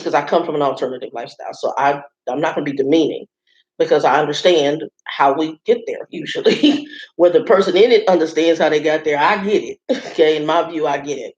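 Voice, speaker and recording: A woman vlogger in a hotel room, chatting to viewers in a rambling, casual storytelling way and calling them y'all. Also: low-pitched. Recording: roomy, slightly dull sound.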